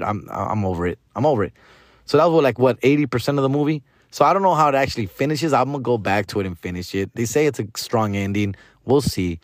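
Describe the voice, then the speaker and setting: A man, a comedian hosting a podcast, rants casually about a movie in an animated, slangy, exasperated way, dropping bits of Spanish slang. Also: mid-range voice, no room sound, clean studio sound.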